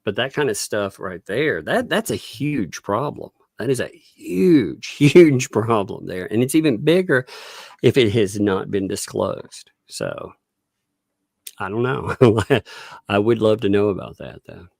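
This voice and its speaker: A man's voice: fairly low pitch, unhurried, gravelly, no echo, clean studio sound. A man co-hosting a casual livestream, joking, laughing often and thanking viewers for tips. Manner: relaxed, joking. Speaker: livestream co-host.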